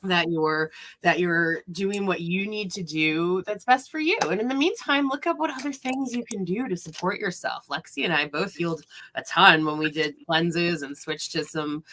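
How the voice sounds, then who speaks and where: A woman's voice: on the low side, moderate pace, hardly any pauses, sharp tone, slight background noise. A woman hosting a live spiritual reading stream, telling stories candidly, laughing and swearing freely. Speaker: host and intuitive reader.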